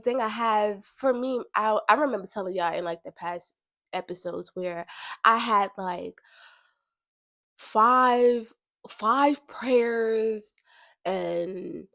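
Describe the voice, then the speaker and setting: Casting: animated woman host with a lilt, casual spiritual chat, dry close mic. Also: no room sound. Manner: chatty and animated, laughs often, bursts high when quoting. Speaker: podcast host.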